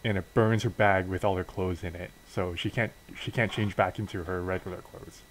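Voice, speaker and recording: Deep-voiced guy narrating his wrestling sim playthrough, casual, lots of "you know". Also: normal speed, a little hiss or hum, poor audio. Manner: casual, relaxed, with fillers and restarts. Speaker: game narrator. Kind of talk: let's-play story narration.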